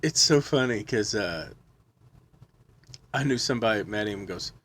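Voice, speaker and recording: A man's voice: fairly low pitch, animated, moderate pace, a bit bright, breathy edge, dry recording. A man talking loosely and swearing in a casual podcast chat. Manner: loose, laughing, swears freely.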